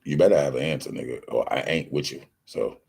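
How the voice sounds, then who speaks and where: An extremely low, slightly mellow yet somewhat rough voice with vocal fry marks this man hosting a casual livestream, talking a little fast. Insistent and defensive, he rants in streetwise slang and plays out the exchanges in his stories.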